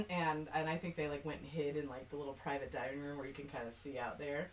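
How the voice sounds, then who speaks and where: A woman co-hosting a podcast, telling stories in a lively, laughing, casual way. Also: sits low, quick pace, slight background noise. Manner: animated storyteller, often laughing. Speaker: podcast co-host. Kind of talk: casual chat. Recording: distant mic.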